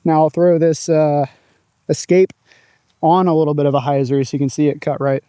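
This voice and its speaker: A man's voice: on the high side, level tone, normal speed, warm tone, clear, resonant tone, no room sound. A man casually talking through his disc golf throws in an open field, upbeat and chatty. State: out of breath at times. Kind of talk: casual outdoor vlog commentary.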